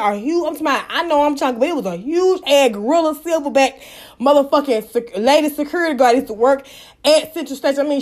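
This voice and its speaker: A woman with a high voice tells a story in brash, casual chat. She talks with profanity and lively animation.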